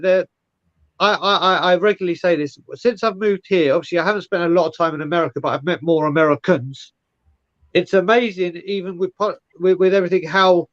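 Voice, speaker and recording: A man's voice: high-pitched, no room sound, dull audio. A man hosting a casual chat who rambles, restarts his sentences and repeats words. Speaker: podcast host.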